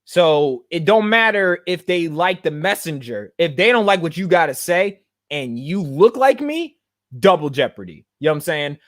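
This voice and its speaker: A man's voice: fairly high pitch, lively intonation, normal speed, a bit bright, no echo, clean studio sound. A man hosting a podcast, speaking in a blunt, slangy, digressive monologue. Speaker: podcast host and activist. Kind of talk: casual monologue.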